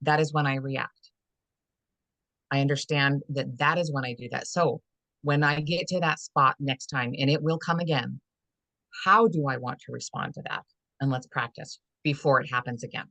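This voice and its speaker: A woman's voice: rumbling low, moderate pace, a bit bright, dry recording. A woman holistic fitness and life coach, a guest in a conversational podcast interview, talking earnestly in a rambling way with many fillers. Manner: rambling and earnest, many "you know" fillers, acts out inner dialogue.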